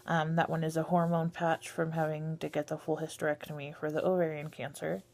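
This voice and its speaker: Female vlogger, thirties; lowish, slightly gravelly voice, hesitant and candid. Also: level tone, brisk. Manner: hesitant, many ums, soft and candid. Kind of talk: casual personal vlog.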